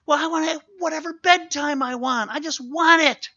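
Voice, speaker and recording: A man's voice: very high-pitched, normal speed, pushed and bright, no echo, highs cut off, voice pushed up, full character voice. A man voicing a whiny young child in a sermon, insisting on getting his way. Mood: whining. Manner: pleading, insistent.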